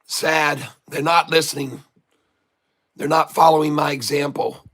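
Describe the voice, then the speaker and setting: Hoarse after hours on air, a male stock streamer delivers live trading commentary to his chat with a high, slightly bright voice, flat delivery and measured pace. He coaches in a folksy, coaxing way, addressing viewers as "folks" again and again and repeating his instructions.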